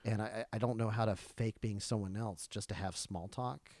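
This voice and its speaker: A man's voice: fairly low pitch, fairly even intonation, brisk, no room sound. Ranting storyteller guy, dry close mic. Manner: rambling storyteller who builds into loud ranting. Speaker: comedian. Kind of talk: casual podcast chat.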